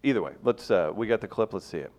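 A man with a lowish voice co-hosts a podcast in relaxed casual chat. He teases his co-host easily and fills his talk with uhs and restarts. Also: fast talker. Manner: easygoing, teasing, many fillers.

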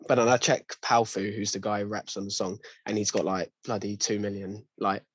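A young man complains in a loose, slangy chat, stumbling and restarting as he gets worked up. His voice sits low and sounds dry and close to the mic. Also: level tone, fairly quick, husky, no room sound. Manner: ranting, frequent restarts and slang. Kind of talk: casual chat.

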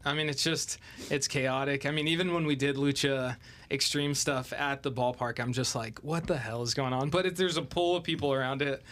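A man hosting a casual podcast chat, easygoing and quick to react. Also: mid-range voice, fairly even intonation, a bit bright. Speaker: host.

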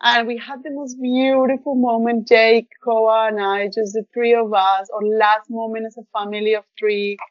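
A woman's voice: a little high, flat delivery, normal speed, few pauses, no room sound. A woman shares a personal story as a podcast guest, effusive and heartfelt, her speech full of little fillers. The sound is dry with no room around it, and a bit dull and lo-fi. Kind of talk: casual storytelling interview.

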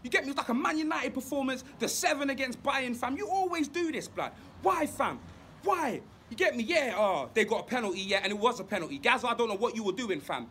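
A man's voice: very high voice, animated, quick pace, a bit bright, a little hiss or hum. A man putting on a furious young London football fan who rants in street slang. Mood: fuming.

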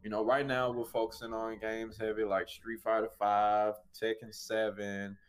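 A man's voice: fairly low pitch, little pitch movement, normal speed, slight background noise. A man hosting a casual gaming podcast, laid-back, telling stories and laughing often. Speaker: podcast host. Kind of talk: casual chat.

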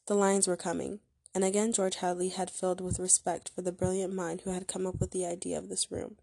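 A woman narrating a short story aloud in a measured, steady way. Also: on the low side, vocal fry, no echo.

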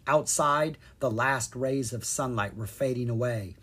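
A narrator giving an expressive reading of a children's storybook. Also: medium pitch, unhurried, husky. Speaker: audiobook narrator.

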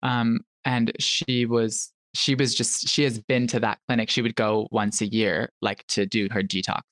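A man's voice: on the low side, unhurried, no room sound, studio quality. A young man as a podcast guest, casually telling a personal story and acting out what people said. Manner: animated storyteller who acts out quotes.

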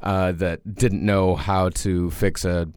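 A man's voice: low voice, flat delivery, takes it slowly, darkish tone, no room sound, studio quality. A man co-hosting a podcast in casual chat, easygoing and hesitant, with many fillers as he tells stories. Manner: easygoing, frequent fillers, laughs along. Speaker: podcast co-host.

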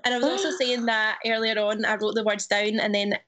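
A woman's voice: fairly high pitch, steady tone, fairly quick, fairly bright tone, slight background noise, poor audio. A young Scottish woman chatting casually as a podcast guest, giggly and full of fillers. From Scotland. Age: young adult. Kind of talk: casual chat.

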